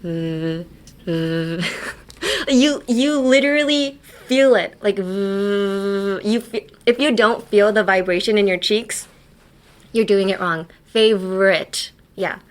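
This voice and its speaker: A woman's voice: medium pitch, slow. Woman podcast host, casual teacher vibe, giggly, goofy examples. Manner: playful, laughs often, explains with silly examples.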